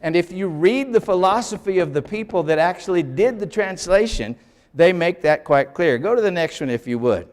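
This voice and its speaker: A man's voice: high-pitched, animated, normal speed, darkish tone. Older man lecturing in a reverberant hall. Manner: emphatic, explains step by step and asks for the next slide. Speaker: Bible lecturer. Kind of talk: classroom lecture with slides.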